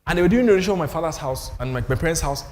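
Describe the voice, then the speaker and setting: A man's voice: fairly high pitch, expressive, racing, a little mellow, in a large hall. An older Nigerian man hosting a panel on faith, telling stories with emphasis and self-deprecating humor. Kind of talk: animated panel talk on church.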